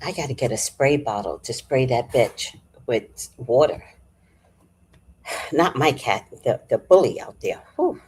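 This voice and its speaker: A woman vlogger telling a story in a casual, animated and profane way, sighing and clearing her throat often. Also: extremely low pitch, a little slow, a little hiss or hum.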